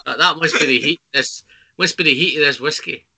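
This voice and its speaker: A man's voice: a little high, a little fast, gravelly, bright, forceful tone, husky. A man joining a casual online chat as a guest, joking and repeating words as he starts.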